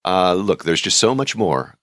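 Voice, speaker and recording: A man's voice: sits low, sing-song, unhurried, a bit bright, dry recording, studio quality. A man hosting a podcast in a casual, rambling way, chatting and reading listener mail aloud. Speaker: podcast host.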